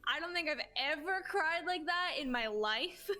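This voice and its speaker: A woman's voice: high-pitched, animated, normal speed, bright, forceful tone. A woman in her twenties, a streamer guest, telling stories in a casual interview in a gushing, heartfelt way and swearing casually.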